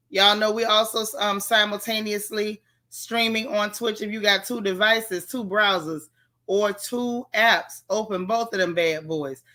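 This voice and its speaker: A woman's voice: mid-range voice, pushed and bright. A tired woman hosting a casual live stream, chatting and greeting viewers by name in folksy slang. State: tired, yawning. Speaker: livestream host.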